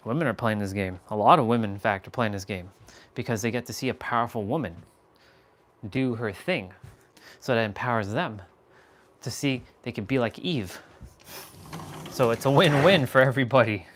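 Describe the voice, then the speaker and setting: A man hosting a rambling motivational live stream, dropping to low murmurs and then pushing words out slowly and loudly for emphasis. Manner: swings from low murmurs to loud, slow, drawn-out emphasis; laughs often, casual and self-aware.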